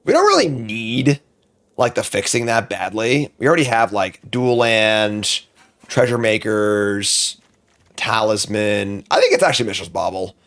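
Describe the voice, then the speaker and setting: Gravelly guy muttering thru a card draft, voice jumps way up and down, loses it now and then. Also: fairly low pitch, big pitch swings, fairly bright tone. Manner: muttering, thinking aloud, quick outbursts of frustration. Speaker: streamer drafting a card game. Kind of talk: casual draft commentary.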